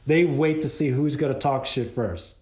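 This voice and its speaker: Cinematographer guest, lively storyteller, laughs a lot, voice a bit echoey. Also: male voice, medium pitch, moderate pace. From Boston. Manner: animated, laughing, retells exchanges. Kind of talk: casual storytelling interview. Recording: roomy echo.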